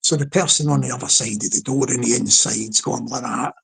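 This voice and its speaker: A man's voice: medium pitch, brisk, gravelly, a bit bright, husky, poor audio. A Scottish man hosting a comedic livestream, chatting and rambling with frequent restarts. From Scotland. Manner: chatty, repeats words, many restarts. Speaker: livestream host. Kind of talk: rambling comedic live commentary.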